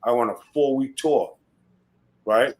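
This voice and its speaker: A man in his fifties, a former wrestler, swaggers through casual podcast stories. His delivery is blunt and heavy with profanity, and his voice sits at an ordinary middle pitch. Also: measured pace, darkish tone, rough recording.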